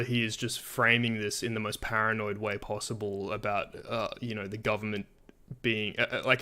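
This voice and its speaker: A man, not from America, giving halting commentary on a video, full of fillers and restarts. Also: on the low side, sharp tone. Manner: hesitant, many fillers and restarts. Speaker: commentary channel host.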